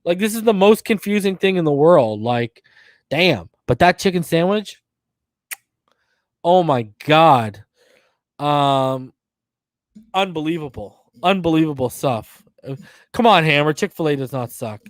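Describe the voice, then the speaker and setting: A man in his thirties from the northern US, telling a story in casual podcast chat, animated, slangy and profane. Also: a little high, measured pace, long pauses, no room sound. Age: 30s. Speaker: podcast host.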